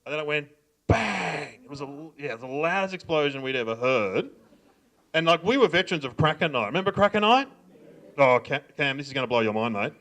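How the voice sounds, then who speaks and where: A middle-aged Australian comedian telling stories on stage in a voice pitched a little high. He jumps into the voices of the people in his tales and laughs along with them. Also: brisk. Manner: animated, acts out voices of family and cops, laughs often. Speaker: stand-up comedian. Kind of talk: stand-up storytelling. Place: library event before a live audience.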